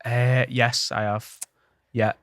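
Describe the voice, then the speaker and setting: A woman's voice: very deep voice, level tone, slow, a little hiss or hum. A woman co-hosting a podcast who mostly reacts with short, swearing interjections. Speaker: podcast co-host. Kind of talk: casual podcast chat.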